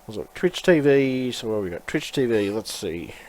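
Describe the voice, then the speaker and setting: A man's voice: mid-range voice, very animated, normal speed, a little mellow. A man vlogging in a rambling, frustrated way, swearing often and circling back on his words. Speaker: YouTuber. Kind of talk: casual rambling vlog.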